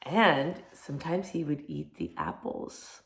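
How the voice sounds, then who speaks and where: A woman teacher reading picture books aloud to young children, animated and gentle, often asking them questions. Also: deep voice, takes it slowly. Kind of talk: children's storybook read-aloud. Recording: echoey room.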